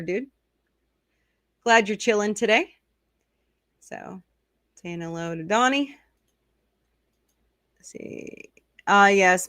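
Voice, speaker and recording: A woman's voice: medium pitch, a bit bright, no room sound. Chatty middle-aged woman streamer host, dry close mic, reads the chat as she goes. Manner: chatty, reads and answers viewer comments. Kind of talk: casual live-stream chat.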